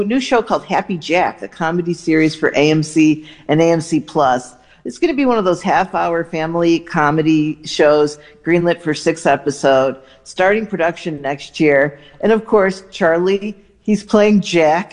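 A man giving entertainment news on a radio show in a brisk, chatty, enthusiastic way. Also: on the high side. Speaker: entertainment reporter.

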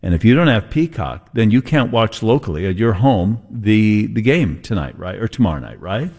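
A man's voice: fairly low pitch, sing-song, normal speed, darkish tone, breathy edge. A man hosting a sports talk show, rambling and thinking aloud as he chats about games. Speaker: sports radio host.

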